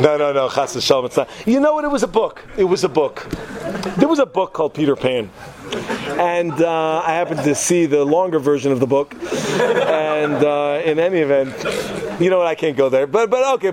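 A man in his thirties teaching a class, telling the story with animated, slangy energy. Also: sits high. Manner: animated, slangy, acts out voices. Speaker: Torah teacher.

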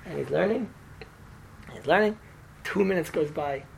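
A man telling a story to an audience in an animated, chatty way, sprinkling in Hebrew and Yiddish words and asking "right?" all the time. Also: on the high side, moderate pace, creaky, slight background noise.

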